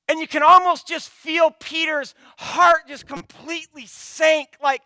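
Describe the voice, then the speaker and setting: Pastor, male, 30s: unhurried high voice, dry close sound, sermon with dramatic loud and hushed swings. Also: fairly even intonation, no echo. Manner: swings from loud emphatic preaching to hushed near-whispers.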